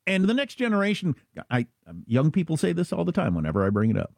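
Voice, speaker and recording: A middle-aged man from Kansas, chatting casually as an animated storyteller with quick asides. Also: a little high, gravelly, no room sound, studio quality. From Kansas, USA. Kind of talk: casual chat.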